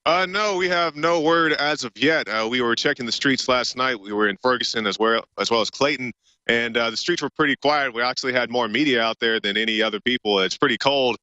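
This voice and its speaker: Quick-talking reporter on a dull line. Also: male voice, medium pitch, pushed and bright, no room sound. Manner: quick, casual, with frequent "uh" fillers. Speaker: field reporter. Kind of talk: live remote report.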